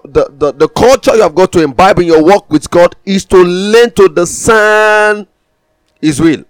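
A man's voice: sits high, dry recording. A man preaching a sermon, emphatic, with repeated declarations.

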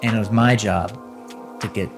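A young man hosting a podcast, telling a story in a casual, animated way and often breaking into laughter. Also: on the low side, vocal fry, over music. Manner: animated storyteller, quick to laugh, mimics voices. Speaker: podcast host.

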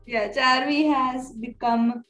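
A playful woman chatting as a podcast co-host, with a rather high voice and lots of "like" in her talk. The recording is echoey, with faint music underneath. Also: steady tone, slow pace, fairly bright tone. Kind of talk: casual chat.

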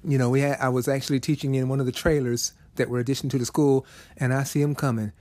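A man's voice: mid-range voice, flat delivery, quick pace, dark tone, dry recording. A middle-aged man preaching a storytelling sermon in a folksy, conversational way with emphatic turns.

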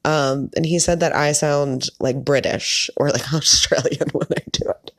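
Gravelly-voiced chatty podcast host. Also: medium pitch, steady tone, a little slow, a bit bright. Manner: chatty, frequent filler words; opinionated, candid. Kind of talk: casual solo commentary.

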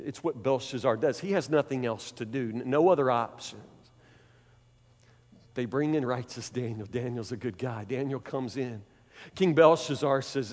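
A man preacher telling a Bible story in a sermon, animated and dramatic, often repeating his phrases. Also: medium pitch, moderate pace. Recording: long hall reverb.

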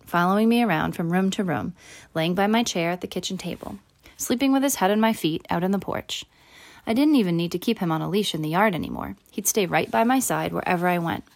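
Low-voiced woman narrating a storybook. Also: fast talker, vocal fry. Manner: voices characters with raised pitch and louder quotes. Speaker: audiobook narrator. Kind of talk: first-person storybook narration.

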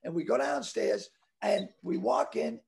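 A middle-aged man from the Boston area telling a rambling story with stammering restarts and animated voices. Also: high-pitched, a little slow, vocal fry. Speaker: comedian guest telling a story. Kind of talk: casual storytelling.

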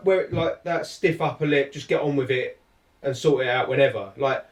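A man's voice: mid-range voice, normal speed, noisy background. A man hosting a podcast, talking earnestly in casual chat with many restarts. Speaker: podcast host. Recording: echoey room, mic at a distance.

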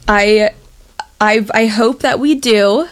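A woman's voice: fairly high pitch, slow pace. A young woman co-hosting a podcast, chatting casually and telling rambling, giggly stories full of fillers. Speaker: podcast co-host. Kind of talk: casual chat.

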